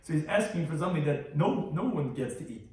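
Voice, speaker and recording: A man's voice: a little high, expressive, brisk, dark tone, a little hiss or hum. A man, a rabbi, giving a daily Talmud lecture, telling its stories with animation and translating each term as he goes. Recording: very echoey room, mic far off.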